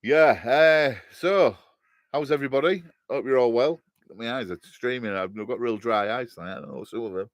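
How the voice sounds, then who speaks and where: A man's voice: mid-range voice, moderate pace, no room sound, clean studio sound. A man, a bit tipsy, chatting casually on a live stream from his shed and greeting viewers by name. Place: garden shed.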